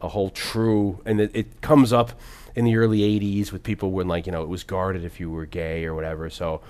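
A man's voice: sits low, flat delivery, brisk, a little mellow. A man casually talking about a film as podcast co-host, rambling with frequent laughs and swearing. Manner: rambling, profane, laughs often.

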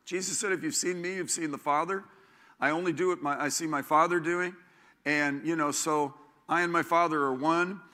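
Man, preacher, sermon, bright forceful tone, fairly high voice, emphatic, repeats phrases. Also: fairly even intonation, normal speed. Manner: emphatic, repeats key phrases for note takers.

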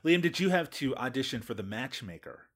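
A man's voice: mid-range voice, lively intonation, fairly quick, fairly bright tone. A man hosting a casual podcast, joking with his guests and reading out news items. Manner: jokey, reads news items aloud. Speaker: podcast host.

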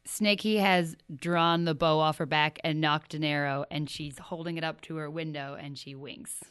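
Woman, low voice, smooth, calm game player. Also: normal speed. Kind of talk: tabletop game narration.

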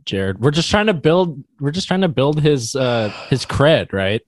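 A man co-hosting a podcast in casual chat, talking in an animated, halting way with many restarts. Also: mid-range voice, dry recording. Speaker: podcast co-host.

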